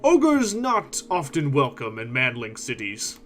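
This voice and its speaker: A man voicing a big hungry male ogre road guard who talks slowly in broken, clipped phrases. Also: medium pitch, huge pitch swings, fairly bright tone, a little hiss or hum. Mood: drawling. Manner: slow broken speech, drops small words.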